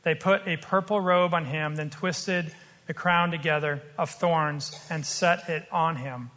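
Guy preaching a sermon, high clear bright voice, earnest, long echoey reverb. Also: fairly even intonation. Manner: earnest, explanatory, slows for emphasis.

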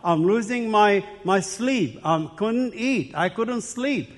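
Speaking slowly and expressively, a man with a high voice gives his personal testimony as a sermon. His story comes in short, dramatic, emphatic bursts that echo with the long reverb of a big hall.

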